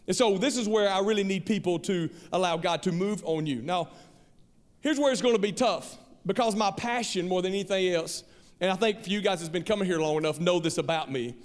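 Male pastor, high-pitched, earnest conversational sermon, long hall reverb. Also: fairly quick. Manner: earnest, conversational, repeats himself. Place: large church hall.

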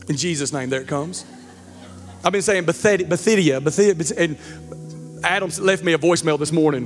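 A man, preaching a sermon as pastor, animated and joking, stumbling over words. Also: high-pitched. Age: 40s. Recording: church hall reverb with faint music.

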